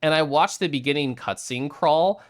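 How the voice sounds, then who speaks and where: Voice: mid-range voice, normal speed. A streamer chatting casually on a live stream, reading out viewer messages, greeting viewers and laughing often.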